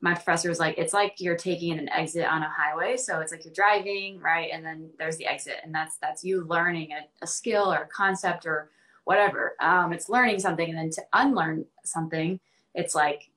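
Bright-toned young woman, earnest and chatty. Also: on the low side, fairly quick. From Central Arkansas. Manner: earnest, many ums and likes, laughs easily. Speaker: guest. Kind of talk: casual podcast conversation.

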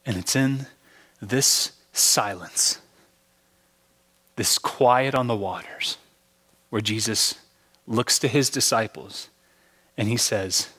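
Slow, bright-voiced preacher in a hall. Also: male voice, lowish voice, slightly rough. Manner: earnest storytelling with dramatic drops to a hush; repeats words when starting sentences. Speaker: pastor. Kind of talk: sermon. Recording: long hall reverb.

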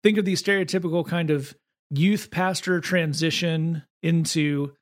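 A man with a Southern accent co-hosting a podcast, talking quickly and wryly in casual comedic chat. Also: on the high side, fairly even intonation. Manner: quick, wry, with frequent restarts. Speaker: podcast co-host.

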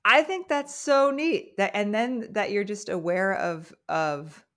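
Host: woman, mid-pitched, supportive interviewer, casual chat. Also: unhurried, a bit bright. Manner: encouraging listener, short affirmations. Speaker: podcast host.

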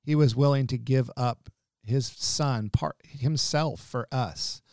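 A man's voice: medium pitch, slow, darkish tone, no echo, studio quality. A man, guest director of a ministry, telling personal family stories in a heartfelt, emotional conversation, often repeating and restarting his words.

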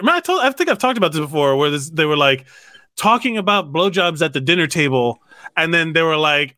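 Young male co-host, bright tense voice, dry sound; profane, squeamish joker. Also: on the high side, lively intonation, a little fast, no echo. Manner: profane, squeamish, mock gagging noises. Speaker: podcast co-host. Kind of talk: casual comedic chat.

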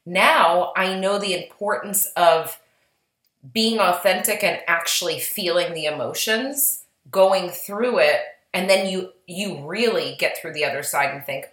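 A woman's voice: lowish voice, a little slow, a bit bright, reverberant, poor audio. A woman co-hosting a casual podcast, chatty and reflective, her voice slightly worn. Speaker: podcast co-host, psychic medium.

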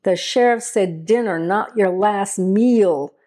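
A sneering, sarcastic male deputy who taunts with every line, as a woman reads him aloud. The voice sits at a middle pitch in a storybook telling. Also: normal speed, darkish tone, natural voice.

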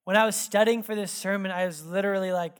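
A male pastor delivers a sermon in a loose, conversational way, weaving in stories from home. His talk is full of casual fillers. In reflective moments he softens to a hushed, earnest tone. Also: high voice, fairly even intonation, fast talker, clean tone. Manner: drops to hushed, earnest tones when reflective. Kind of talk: sermon with personal storytelling. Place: church sanctuary.

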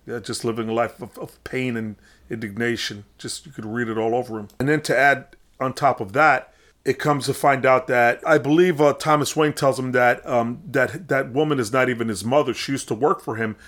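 A man's voice: medium pitch, fairly even intonation, moderate pace, fairly bright tone. Rambling man retelling a film. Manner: rambling, with many restarts and fillers. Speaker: film recapper. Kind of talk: casual film recap.

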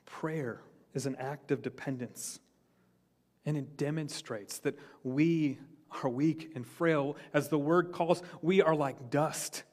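A man preaching a sermon in a slightly high voice. He speaks earnestly, lifting his voice on key points and letting it fall low on the quieter lines. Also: slow. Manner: earnest preaching, rising for emphasis then dropping low. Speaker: pastor.

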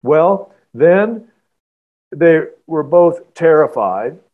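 A man, an author guest on a podcast, telling a story in a halting, earnest way with many restarts. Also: a little high, animated, phone-quality sound. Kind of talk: casual podcast interview storytelling.

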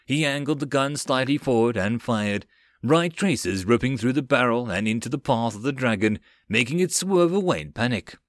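A man reading a web novel audiobook in a steady storytelling manner. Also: medium pitch, moderate pace, no echo, studio quality. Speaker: audiobook narrator. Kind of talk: scripted narration.

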